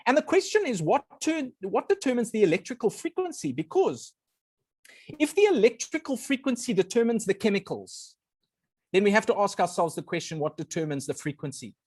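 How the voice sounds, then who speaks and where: A man's voice: sits high, a little fast, husky, no room sound, clean studio sound. A man giving an earnest talk as a guest speaker, explaining ideas step by step. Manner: earnest, animated, often apologizes. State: briefly emotional. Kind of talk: presenting a talk on a video call.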